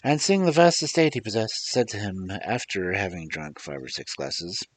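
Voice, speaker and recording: A man reading fairy tales aloud as a storyteller, expressive and theatrical, with chatty asides to his listeners, on a desk microphone. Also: lowish voice, normal speed.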